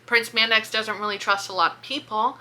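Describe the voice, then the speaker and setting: A woman casually retelling a book's plot in a video review, chatty and animated, swearing and filling with "like". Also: a little high, fairly quick. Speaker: book reviewer. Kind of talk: casual book-review vlog.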